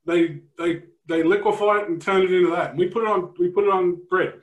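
A laid-back Australian-accented man hosting a casual interview, slangy and easygoing. His voice sits high, and the recording rings with a roomy echo. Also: brisk. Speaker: show host.

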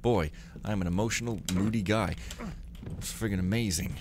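A young man giving casual gameplay commentary, full of sarcastic, rambling, deadpan jokes. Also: lowish voice, moderate pace, background noise. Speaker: let's play gamer.

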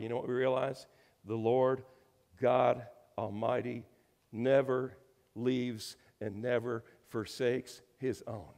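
A man preaching a sermon, his voice rising from near-whispers to loud, ringing emphasis and back again. He is a minister who keeps turning to his congregation with questions, delivered in a mid-pitched voice. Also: creaky, long reverb tail. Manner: dynamic preaching, swinging from hushed to loud and emphatic.

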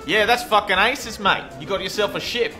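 A man's voice: sits high, normal speed, pushed and bright. A man playing a brash smuggler captain with a broad Australian accent, cocky and full of slang. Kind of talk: comedy parody dub. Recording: music behind the voice.

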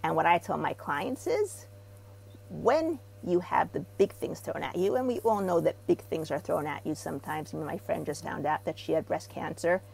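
A middle-aged Israeli woman who practices therapy speaks as a guest in a casual interview, telling stories with animation and getting loud whenever she acts out what people said. Her low voice moves at a moderate pace with vocal fry and slight roughness, and the recording itself is rough.

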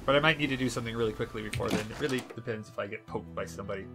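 A man's voice: medium pitch, racing, creaky. Casting: young male streamer, playful and giggly, loose gameplay chatter, game music underneath. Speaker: livestreamer. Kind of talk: casual gameplay commentary.

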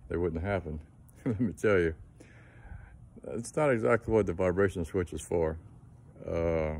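A man with a very low, dark voice talks in a relaxed, folksy way, passing on a practical tip. His delivery stays flat and even, with plenty of fillers and restarts. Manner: plainspoken, folksy, trailing fillers. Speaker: engine mechanic giving a tip. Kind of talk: casual how-to talk to camera.

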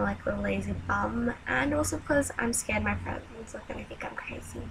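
A woman's voice: on the high side, moderate pace, gravelly, background noise. A young Australian woman from Sydney vlogging casually, self-mocking and chatty as she reads a word list aloud. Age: young adult. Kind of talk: casual vlog chat.

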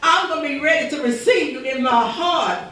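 A high, bright-toned woman pastor preaches with fervor, circling back on her phrases and calling out rhetorical questions. Her voice rings through a big echoing church, picked up by a mic set well away from her, with a faint hiss beneath. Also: moderate pace. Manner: fervent, repetitive preaching with rhetorical quotes. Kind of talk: sermon. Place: church sanctuary. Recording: echoey church recording from far off.

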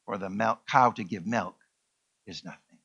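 A man voicing a solemn male farm pig in a parable, speaking gravely and in a hushed tone. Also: lowish voice, moderate pace, dull audio, voice pushed down, full character voice.

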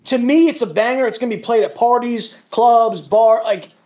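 A man's voice: very high voice, normal speed, mellow. A man as a guest in a casual chat over a call, laid-back and teasing, full of dude and bro.

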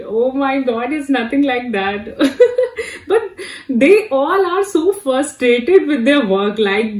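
A woman from India with an Indian English accent, hosting a casual reaction video and talking haltingly with many fillers and restarts. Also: on the high side, darkish tone, far from the mic. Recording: echoey room, away from the mic.

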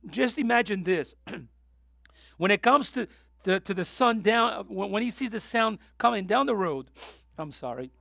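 A man preaching a sermon with passion, going from soft, tearful moments to loud, urgent appeals. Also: high-pitched, moderate pace, vocal fry, no echo, clean studio sound. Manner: impassioned, swings from soft to loud; emotional, near tears. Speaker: pastor.

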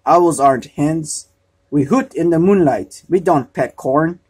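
A man's voice: fairly high pitch, measured pace, darkish tone, breathy edge. A man reading a storybook, voicing an earnest young male owl who speaks plainly and doggedly. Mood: indignant.

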